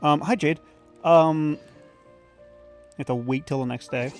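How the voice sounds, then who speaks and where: A man's voice: a little high, steady tone, slow pace, soft background music. A man hosting a let's play, giving casual, rambling, opinionated commentary and swearing casually.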